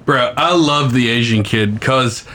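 A man's voice: mid-range voice, measured pace, background noise. A man co-hosting a podcast in casual, crude, joking chat. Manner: joking, crude, riffs with put-on voices. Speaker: podcast co-host.

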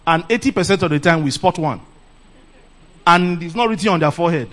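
Animated Nigerian preacher, higher voice. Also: male voice, a little fast. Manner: animated, laughs often, calls "Praise the Lord". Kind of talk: lively sermon. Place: church camp meeting.

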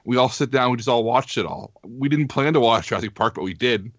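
A man's voice: mid-range voice, brisk, no echo, highs cut off. A man talking eagerly and casually as a podcast co-host, with many fillers. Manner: enthusiastic, filler-heavy. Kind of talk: casual chat.

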